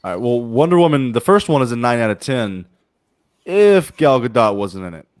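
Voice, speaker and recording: A man's voice: medium pitch, expressive, normal speed, a little mellow, dry recording. A man on a casual livestream panel, giving blunt, exaggerated opinions and stumbling over his words. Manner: blunt, hyperbolic, stumbles and restarts. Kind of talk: casual chat.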